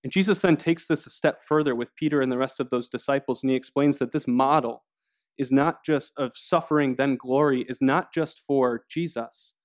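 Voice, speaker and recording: A man preaching a sermon, earnest and steady, with pauses and restarts as he explains scripture. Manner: earnest preaching, acts out quoted voices with rising pitch. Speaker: pastor.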